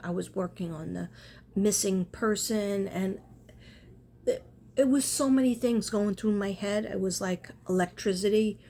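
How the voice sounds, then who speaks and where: A woman's voice: medium pitch, mellow, a little hiss or hum. A woman chatting casually in a spiritual vlog, rambling and earnest, often breaking off and restarting. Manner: rambling, self-interrupting, earnest. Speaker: spiritual artist and vlogger.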